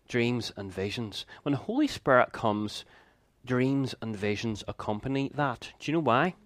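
A man's voice: on the low side, no room sound. Earnest man preaching in a dry close sound. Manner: earnest storytelling, warm asides and quick laughs. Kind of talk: sermon with personal story.

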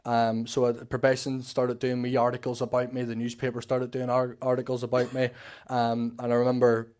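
A Northern Irish man shares his life testimony at a church service, his speech rambling and full of fillers and restarts. He sounds a little nervous, and his middle-pitched voice stays fairly flat in melody. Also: a little fast, clean tone. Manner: rambling, many fillers and restarts, acts out quoted talk. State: a bit nervous. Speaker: church member giving testimony.

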